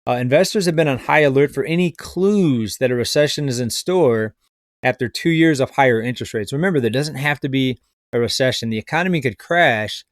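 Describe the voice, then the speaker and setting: A man's voice: mid-range voice, brisk, no room sound, studio quality. Skeptical man rambling about the economy. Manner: skeptical, rambling, addresses viewers as folks. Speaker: finance commentator. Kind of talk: casual video commentary.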